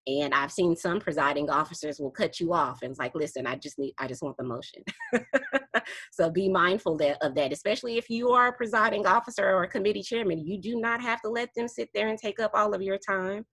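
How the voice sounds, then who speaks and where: A woman's voice: mid-range voice, brisk, a bit bright, slightly rough, no room sound. A woman explaining meeting procedure to a study group over a video call, laughing often and correcting herself as she goes. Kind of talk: online teaching session.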